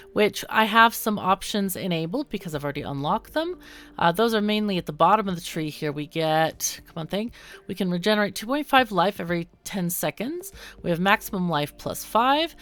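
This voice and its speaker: A woman's voice: medium pitch, a bit bright. A woman hosting a casual let's-play, chatting through the game with lots of ums and self-corrections. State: hiccuping. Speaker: gaming channel host.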